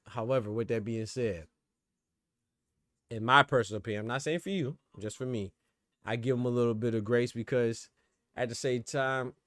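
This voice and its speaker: A man hosting a boxing livestream in relaxed, slangy talk, answering viewers from chat by name. His voice sits at an ordinary middle pitch. The sound is dry and close to the mic. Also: dry recording. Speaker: boxing commentary host.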